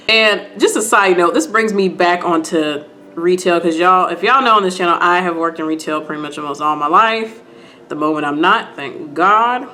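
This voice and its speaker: A chatty woman vlogger recapping a show in a casual, slangy manner. Her pitch swings widely as she talks straight to the camera, and faint background noise sits under her voice. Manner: chatty, slangy, animated, addresses viewers directly.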